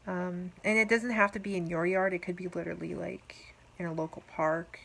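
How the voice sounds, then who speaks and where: A woman talking casually to her viewers in a rambling, gentle, affectionate diary vlog. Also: fairly low pitch, fairly even intonation, fairly quick, gravelly, rough recording. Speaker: vlogger.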